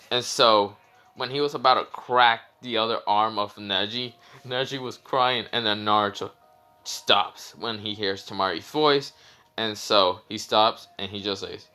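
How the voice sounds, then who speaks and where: A young man retells a fan story casually, rambling and stopping often to search for words. His voice is bright and forceful, pitched a little low. He speaks loosely, without a script. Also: measured pace. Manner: rambling, full of fillers and self-corrections.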